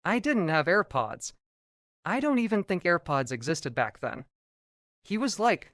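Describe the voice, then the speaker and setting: A man's voice: on the high side, very animated, normal speed, a bit bright, dry recording, clean studio sound. A man casually narrating a first-person story from his school days in a conversational tone.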